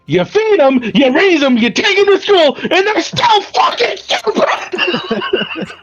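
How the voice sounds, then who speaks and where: A man putting on a crude shouting bear mascot. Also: very high voice, very animated, slow pace, highs cut off, background noise, voice pushed up, heavily acted. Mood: exasperated. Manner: shouting, exasperated, swearing. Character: gruff bear mascot, crude and short-tempered.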